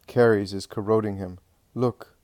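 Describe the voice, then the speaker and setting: A man's voice: fairly low pitch, fairly even intonation, normal speed, darkish tone, no room sound, clean studio sound, natural voice. A man reading the part of a widowed mother who pleads tearfully for her sick son. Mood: pleading.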